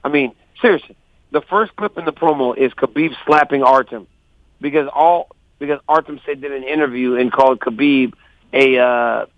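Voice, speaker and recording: A man calling in as a guest fighter, telling stories animatedly and quoting others in lively voices. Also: mid-range voice, normal speed, dry recording. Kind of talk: casual phone interview. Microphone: phone call. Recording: dull lo-fi phone line.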